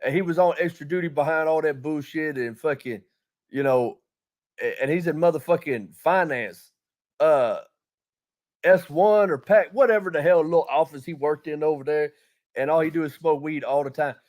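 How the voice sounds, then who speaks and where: A man's voice: on the high side, moderate pace, darkish tone. A man telling a rambling army story in casual chat, heavy on profanity and fillers.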